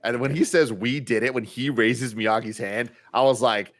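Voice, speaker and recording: A man of middling pitch co-hosting a podcast. He talks in an enthusiastic, jokey way and laughs easily. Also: normal speed, fairly bright tone. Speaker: podcast co-host. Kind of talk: casual chat.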